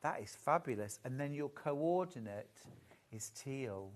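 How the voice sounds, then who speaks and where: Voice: medium pitch, animated, a little slow. A presenter showing off fabric bundles live, gushing and admiring in a chatty way. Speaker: shopping channel presenter.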